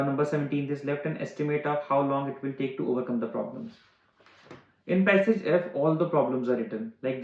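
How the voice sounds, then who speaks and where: A male English-exam tutor explaining answers step by step, often pausing on "uh" and restating terms in simpler words. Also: mid-range voice, a little mellow, roomy sound, lo-fi sound. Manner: frequent "uh" fillers. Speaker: IELTS teacher. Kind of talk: online exam-prep lesson.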